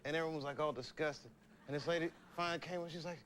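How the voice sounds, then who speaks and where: Laid-back man telling a funny story, slightly high. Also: fairly even intonation, very fast, fairly bright tone, a little hiss or hum. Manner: loose anecdotal delivery, laughing at his own jokes. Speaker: comedian guest. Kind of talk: talk show storytelling.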